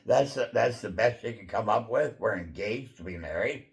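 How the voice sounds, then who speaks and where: A man hosting his own channel, telling a personal testimony in a casual, rambling way, full of fillers and throat clearing. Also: on the low side, measured pace, long pauses. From Pacific Northwest of the USA.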